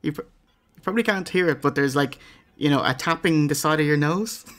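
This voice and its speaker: A man's voice: on the high side, a little fast, a bit bright. An Irish man hosting a podcast, reading out listener questions and bantering casually with a guest. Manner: casual, joking, swears. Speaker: podcast host.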